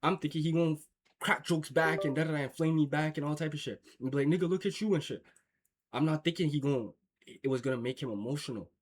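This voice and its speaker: A man's voice: a little high, steady tone, fast. A young man from Jamaica giving casual, slang-heavy reaction commentary, swearing and rambling with lots of filler. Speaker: streamer reacting to a clip.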